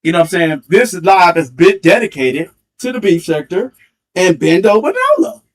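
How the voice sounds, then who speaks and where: High pitched guy on a headset mic going off on a livestream, taunting and repeating himself. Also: very animated, moderate pace, distant mic. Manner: taunting, confrontational, repeats phrases. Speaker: livestream host. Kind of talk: heated livestream rant.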